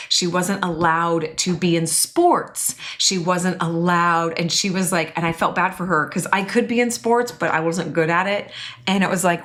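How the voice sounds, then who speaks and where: A woman teaching about personality types in a chatty, expressive way, often acting out quotes. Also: on the low side. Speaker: Enneagram coach and teacher. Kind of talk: casual teaching talk to an online class.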